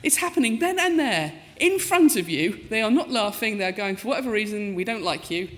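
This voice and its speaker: Woman in her fifties, professor telling comic stories on stage in a big reverberant hall, animated and self-mocking. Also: medium pitch, brisk. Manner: lively, self-mocking, acts out quoted voices. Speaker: professor giving a talk. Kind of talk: storytelling talk with comic asides. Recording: lecture hall with long reverb.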